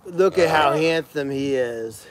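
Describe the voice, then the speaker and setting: A man with a notably high voice chats casually on a live stream from inside a barn, gushing about the animals. He drifts into soft, cooing baby talk when he speaks to them, with a faint hiss in the background. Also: takes it slowly. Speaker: animal sanctuary livestream host.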